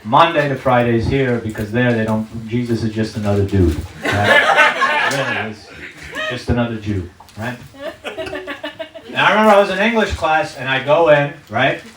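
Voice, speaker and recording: A brash man in his thirties on a comedy stage, telling profane stories at a punchy beat, with his voice at a middle pitch. The recording is roomy, with noticeable echo. He sounds a little far from the mic, with steady background noise behind him. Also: normal speed. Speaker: stand-up comedian. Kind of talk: stand-up comedy set. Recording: echoey room, mic from a distance, background noise.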